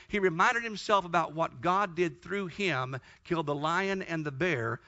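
A man's voice: on the high side, moderate pace, few pauses, bright, forceful tone. A man preaching a sermon, retelling Bible stories fervently and emphatically. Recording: dull lo-fi recording.

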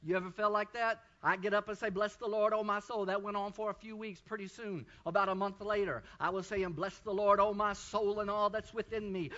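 A male preacher delivering a fervent sermon, often breaking into shouts of praise. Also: sits high, steady tone, fairly quick, few pauses, highs cut off. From Texas.

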